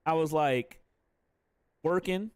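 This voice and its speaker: A man's voice: a little high, slow pace, a little mellow, clear, resonant tone, no echo, studio quality. A young adult man casually chatting on a live stream, candid and profane, laughing often between thoughts.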